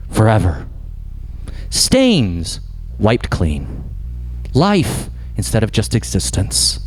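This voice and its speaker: Man, pastor, sermon, impassioned, very animated pitch, dips low for emphasis. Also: very slow, pauses often, husky.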